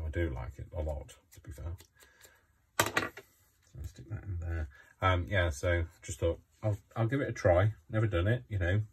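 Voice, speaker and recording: Sleepy guy with a really low voice, rambling on with lots of ums, sounds a bit far from the phone mic, faint hiss behind. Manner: rambling, self-talking, many ums and restarts. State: tired, yawning. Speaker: craft vlogger. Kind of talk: casual chat while crafting. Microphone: phone camera left running.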